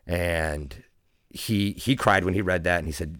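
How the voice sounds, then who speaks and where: A man's voice: low-pitched, measured pace, fairly bright tone, dry recording, clean studio sound. A man in his forties, a podcast guest, telling an earnest, reflective personal story in casual conversation. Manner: earnest, reflective, frequent restarts and "like".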